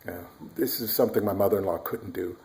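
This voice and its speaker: A man with a somewhat low voice and some vocal fry tells a personal family story in a relaxed, chatty manner. He stops to demonstrate speech sounds and drops into whispers to illustrate his points.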